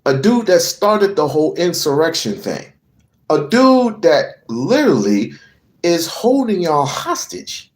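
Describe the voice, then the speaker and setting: Man as a commentator on a heated rant, slightly raised voice swinging widely, slow deliberate delivery, swears and repeats himself for emphasis. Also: on the high side, wildly swooping pitch. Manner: profane, emphatic, repeats phrases. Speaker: political commentator. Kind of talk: heated political rant to camera.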